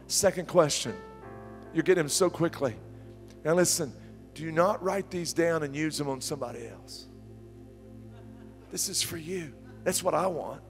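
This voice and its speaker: Animated preacher man in a reverberant church. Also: a little high, normal speed, pauses often, soft background music. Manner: animated storytelling preacher, repeating questions, sudden soft drops and loud climbs. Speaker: pastor. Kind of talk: sermon.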